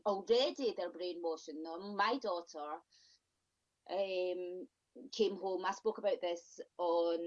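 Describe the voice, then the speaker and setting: A woman's voice: lowish voice, a little mellow. A middle-aged woman from the UK, a podcast guest talking in a casual, outspoken and exasperated way. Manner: outspoken, exasperated, quick asides. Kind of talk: casual interview chat. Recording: dull lo-fi audio.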